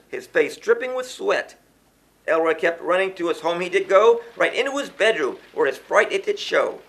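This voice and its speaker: A man's voice: on the high side, pushed and bright. A man reading a rhyming children's story aloud in a sing-song way, chanting the refrains.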